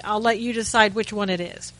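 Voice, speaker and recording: Bright-voiced sarcastic talk radio woman. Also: medium pitch, steady tone, fairly quick, dry recording, rough recording. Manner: sarcastic, chatty, frequent restarts and asides. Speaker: radio host.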